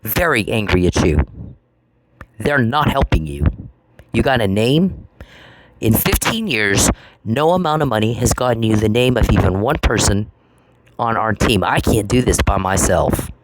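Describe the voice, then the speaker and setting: A man's voice: fairly low pitch, expressive, unhurried. Man ranting over a noisy, clicking recording. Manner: confrontational, profane, repeats phrases for emphasis. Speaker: channel host. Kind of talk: angry solo monologue.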